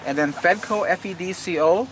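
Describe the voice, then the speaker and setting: An older man with a slightly raised voice walks visitors through his garden, talking in an eager, homespun way. He often trips over his words and repeats them. The outdoor recording carries a steady wash of background noise. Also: sits high, normal speed, poor audio. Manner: enthusiastic, folksy, stumbles and repeats words. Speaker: gardener giving a tour. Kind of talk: casual guided garden walk.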